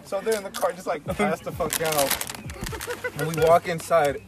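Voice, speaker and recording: A young man casually telling a story to friends, animated and full of swearing, acting out every line of dialogue. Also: high voice, a little slow, noisy background.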